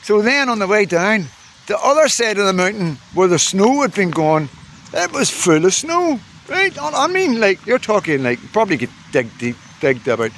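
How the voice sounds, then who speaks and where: A man's voice: high voice, big pitch swings, normal speed, fairly bright tone, slight background noise. Chatty man telling a story. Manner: chatty and rambling, swears freely, laughs at his own story. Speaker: vlogger. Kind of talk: casual storytelling to camera.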